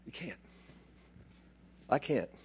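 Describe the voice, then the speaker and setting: A man preaching a sermon, dropping to quiet asides and then rising into loud, excited bursts. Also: slow pace, a crowd in the background. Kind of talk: animated sermon.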